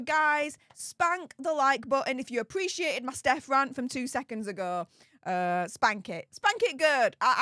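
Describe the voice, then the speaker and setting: During a casual live stream, a woman with a high-pitched, fairly bright voice chats and reads viewer comments aloud, laughing a lot and repeating herself. The sound is studio quality, with no room sound.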